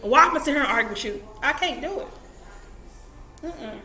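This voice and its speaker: Her voice sits high, expressive and slightly fast, with a pushed, bright quality. This young adult vlogger offers casual, emphatic advice to the camera, circling back over the same points and muttering self-talk asides along the way.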